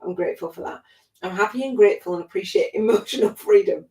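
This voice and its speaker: A woman's voice: medium pitch, fast, dark tone, echoey room. A woman spiritual life coach hosting a livestream, talking in a gushing, emotional way, laughing often and close to tears. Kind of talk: emotional motivational livestream talk.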